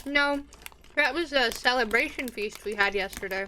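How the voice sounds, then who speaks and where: A woman's voice: fairly high pitch, normal speed, pushed and bright, slight background noise. A woman game master voicing a sulky, devout male tavern keeper in a tabletop game, talking casually and a little pouty.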